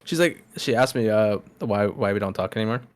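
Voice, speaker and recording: Lowish-voiced guy teasing his buddy on a podcast, dry close mic. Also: brisk, no room sound. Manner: teasing, laughing, deadpan jabs. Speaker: podcast co-host. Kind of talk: casual chat.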